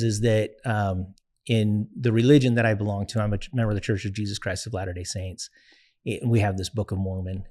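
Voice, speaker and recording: A young man speaks as an interview guest in a lowish, steady voice. He talks in an earnest, reflective way, pausing often and filling gaps with fillers as he tells his story.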